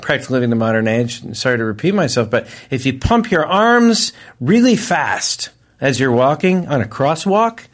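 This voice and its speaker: Man, podcast co-host, casual banter, quick agreeing replies, deadpan asides. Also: medium pitch. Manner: short agreeing interjections, deadpan absurd asides.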